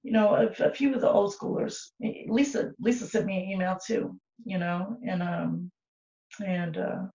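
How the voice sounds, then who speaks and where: A woman's voice: mid-range voice, moderate pace, mellow. Profane laughing woman, echoey far-off mic. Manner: profane, rowdy, laughs a lot. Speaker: podcast co-host. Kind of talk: casual podcast chat. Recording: echoey, distant, dull mic.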